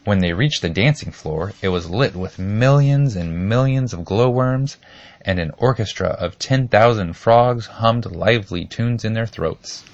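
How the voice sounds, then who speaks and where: A man narrating a children's storybook in a steady, expressive reading. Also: on the low side, unhurried, no echo, highs cut off.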